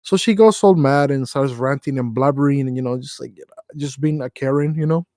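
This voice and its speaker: A man's voice: medium pitch, fairly quick, a little mellow, no room sound. A young man co-hosting a podcast, telling rambling work stories with lots of slang and fillers. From Mexican background. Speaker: podcast co-host. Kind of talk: casual storytelling chat.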